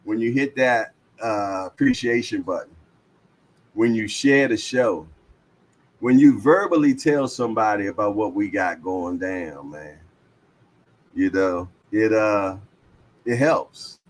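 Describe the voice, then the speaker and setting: A man's voice: lowish voice, slow pace, a little hiss or hum. A man hosting a livestream, chatting casually and reading viewer comments aloud with a laid-back, slangy manner. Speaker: livestream host.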